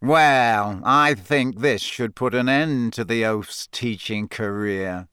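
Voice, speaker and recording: Man voicing sneering rich-kid bully, slow drawl, smug; dry storybook. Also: mid-range voice, sharp tone, smooth, no room sound. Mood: gloating. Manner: drawling, gloating. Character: sneering spoiled teenage boy, a bully.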